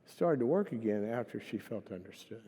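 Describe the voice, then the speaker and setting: A man's voice: medium pitch, lively intonation, brisk, mellow, slight background noise. A man preaching a sermon in a conversational, storytelling way, acting out the voices of people in his stories. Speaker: guest speaker. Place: large church hall. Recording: long hall reverb.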